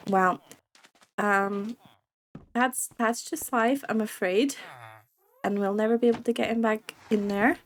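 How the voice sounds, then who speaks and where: Young woman w a cold doing chatty gaming commentary, giggles a lot, talks to the mobs, kinda high voice. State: voice affected by a cold. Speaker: gaming video creator. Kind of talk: casual let's-play commentary.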